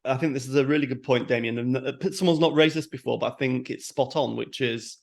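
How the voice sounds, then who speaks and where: A man's voice: mid-range voice, a little fast, vocal fry. A middle-aged man co-hosting a podcast, chatting casually and acting out little quotes as he makes his points. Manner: animated storytelling with acted quotes. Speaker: podcast co-host.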